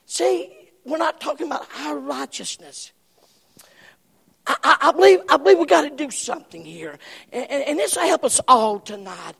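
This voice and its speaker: A man preaching a sermon, impassioned, swinging from shouts to hushed whispers. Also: extremely high pitch, lively intonation, moderate pace, gravelly, long reverb tail.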